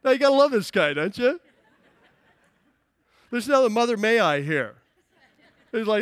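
A man preaching a sermon as pastor, energetic and playful, acting out voices with humor. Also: high voice, moderate pace, pauses often, dry recording. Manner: energetic, playful, acts out quotes. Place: church.

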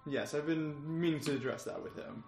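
A man's voice: on the high side, animated, fairly quick, creaky, a little mellow, reverberant, soft background music. A man running a tabletop game as game master, narrating the scene and laughing often.

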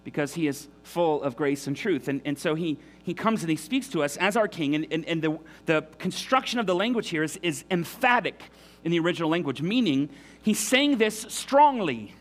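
A man's voice: on the high side, animated, moderate pace. A man preaching a sermon in an earnest, emphatic way, often restarting his sentences. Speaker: pastor.

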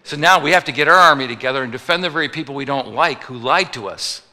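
A man's voice: medium pitch, quick pace, sharp tone. A man preaching a sermon as pastor, joking with the congregation and acting out little voices for the people he quotes. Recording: long reverb of a large hall.

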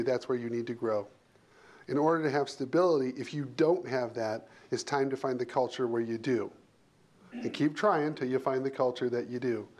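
Man, HR leader, panel guest; mid-pitched, punchy and emphatic. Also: darkish tone. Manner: emphatic, punchy short phrases with repetition.

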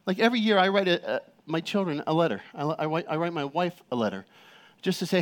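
A middle-aged pastor with a light, high voice delivers a sermon. He talks casually through family stories, full of "you know" and restarts, then reads scripture slowly. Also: lively intonation. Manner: conversational, personal storytelling with frequent fillers.

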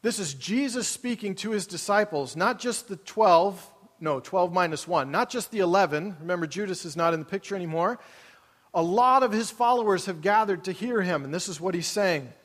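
A man preaching a sermon in a high voice, talking casually with his congregation and asking them questions. His voice rings out in a large auditorium with a long reverb tail. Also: animated, moderate pace, fairly bright tone. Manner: conversational, asks the congregation questions. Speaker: pastor.

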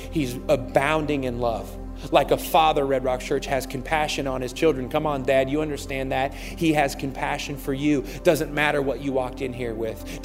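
A man preaching a sermon as pastor, reading scripture aloud with fervent, rising intensity in a large church auditorium. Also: fairly high pitch. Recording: long hall reverb.

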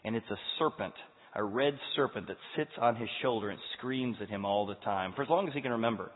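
A male pastor preaching a sermon emphatically, rising to loud rhetorical questions, from a tinny recording in an echoey hall. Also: fairly low pitch, fairly quick.

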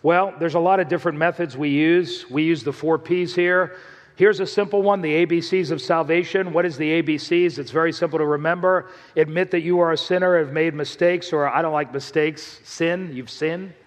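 A man's voice: fairly high pitch, fairly even intonation, fairly quick. Man preaching in a reverberant church. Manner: storytelling, conversational preaching with asides to the congregation. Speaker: pastor. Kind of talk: sermon.

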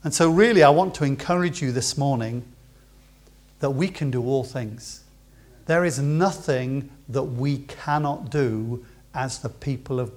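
A man preaching a sermon to his congregation, building to loud emphatic peaks and then dropping to quiet asides. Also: mid-range voice. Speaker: pastor. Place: church.

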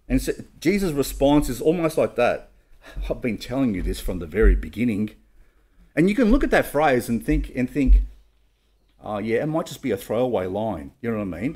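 Animated man preaching a sermon. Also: medium pitch. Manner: conversational preaching, asks and answers his own questions; reads scripture aloud in King James wording. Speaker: pastor.

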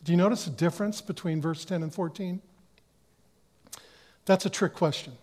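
A man preaching a sermon with a somewhat high voice. He talks earnestly, restarting his phrases as he goes. For quoted words he sinks to a hush. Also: moderate pace, long pauses. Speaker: pastor.

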